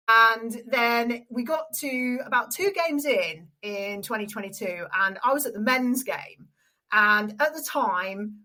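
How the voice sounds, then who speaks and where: A young adult woman with an English accent, a stadium announcer and radio presenter telling an animated story in an interview. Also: on the high side, rough recording. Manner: animated storyteller, acts out quoted voices.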